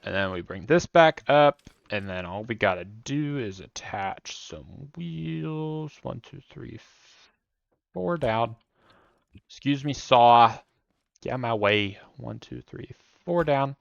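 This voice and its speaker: A man's voice: mid-range voice, lively intonation, slow pace, creaky, dry recording, highs cut off. A young man streaming a building game, rambling through casual commentary with jokey self-mocking asides.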